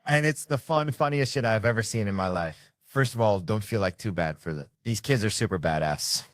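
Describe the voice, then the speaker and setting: Deep-voiced man telling stand-up stories. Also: brisk, no room sound, clean studio sound. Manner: animated, swearing, jumps high for quoted voices. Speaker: comedian. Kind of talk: comedic storytelling.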